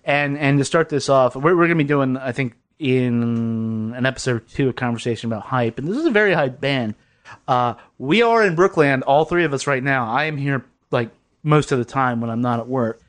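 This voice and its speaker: A man's voice: medium pitch, fairly quick. A man hosting a podcast in a basement, talking casually in a rambling way with frequent swearing and laughs. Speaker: podcast host. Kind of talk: casual chat.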